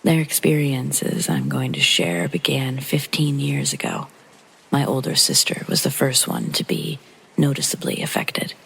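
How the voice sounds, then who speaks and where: A man narrating a true horror story in a hushed, breathy storytelling manner. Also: medium pitch, very animated, a little slow, rough recording. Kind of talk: scripted narration.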